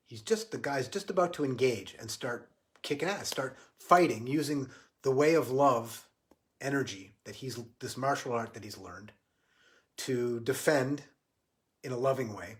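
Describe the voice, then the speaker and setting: A man giving a livestreamed spiritual talk, earnest and halting, often restarting his sentences. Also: medium pitch. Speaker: spiritual teacher.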